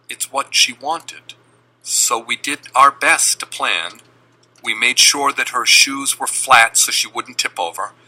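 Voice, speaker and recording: A middle-aged man from Boston telling a personal family story with deliberate, dramatic pauses. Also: medium pitch, pushed and bright, husky, rough recording.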